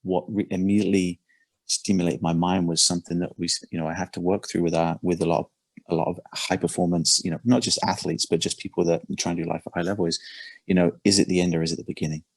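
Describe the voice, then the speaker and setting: A man's voice: sits low, level tone, fast, breathy edge, no echo. A man talking as a performance coach in a casual podcast conversation, earnest and full of restarts and repeated words.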